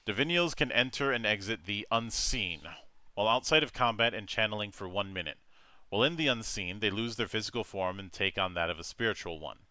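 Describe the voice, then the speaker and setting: A man hosts a casual tabletop game stream and reads through rules entries. His voice is bright and a little low, and he talks haltingly, restarting often. The sound is close and dry. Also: lively intonation, no echo. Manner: halting, many fillers and restarts. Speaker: game master.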